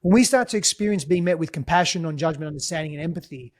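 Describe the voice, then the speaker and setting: A man who works as a relationship coach, speaking as a podcast guest in a calm, measured and earnest way. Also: a little high. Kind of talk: reflective podcast conversation.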